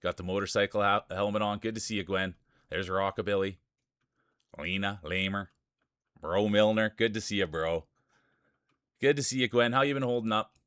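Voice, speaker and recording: A man's voice: on the low side, moderate pace, pauses often, a bit bright, smooth, no room sound, clean studio sound. A man with a Canadian accent streaming live, greeting his chat by name and joking through marble race commentary. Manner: chatty, greets viewers by name, jokey.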